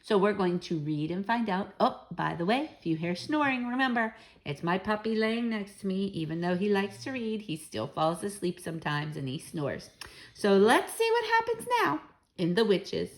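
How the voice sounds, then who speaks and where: A woman reading a children's novel aloud, with expressive, animated delivery. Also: mid-range voice, moderate pace, poor audio.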